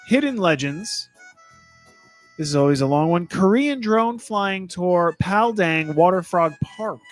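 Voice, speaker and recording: A man's voice: high voice, dry recording. A man co-hosting a podcast, casually reading a list of game releases and joking as he stumbles over titles.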